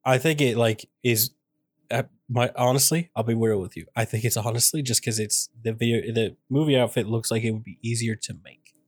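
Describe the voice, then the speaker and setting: Halting laid-back man, dry sound. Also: medium pitch, steady tone, no room sound. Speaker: podcast co-host. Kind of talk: casual chat.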